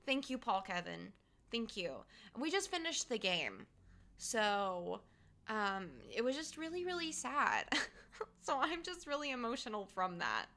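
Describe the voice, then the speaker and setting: A woman's voice: a little high, sing-song, unhurried, sharp tone. A young woman streamer chatting casually to her viewers, rambling with lots of fillers and giggles, emotional after finishing a game. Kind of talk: casual live-stream chat.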